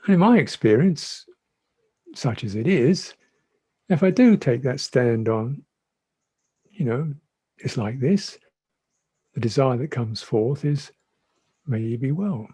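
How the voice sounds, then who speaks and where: A man who is a Buddhist monk teacher giving a dhamma talk in a reflective, gentle way, often repeating his phrases. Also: medium pitch, expressive, takes it slowly, pauses often, husky. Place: monastery meditation hall.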